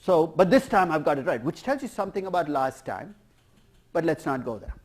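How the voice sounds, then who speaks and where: Higher-voiced male professor lecturing. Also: brisk. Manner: lively, asks the class questions. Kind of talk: university lecture.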